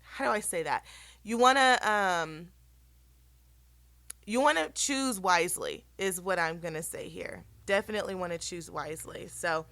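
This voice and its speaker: Woman doing a casual tarot reading, a bit hoarse, rambly, dry close sound. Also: lowish voice, moderate pace, a bit bright, no room sound. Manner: chatty, rambling, with many ums and self-corrections. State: losing her voice, slightly hoarse. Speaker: tarot reader and channel host.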